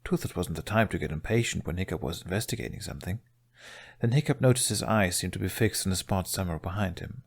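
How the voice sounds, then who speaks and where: A man reading a fan story aloud in a steady, soft-spoken narration. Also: low-pitched, fast talker, gravelly, husky. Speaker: fanfiction reader. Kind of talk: audiobook narration.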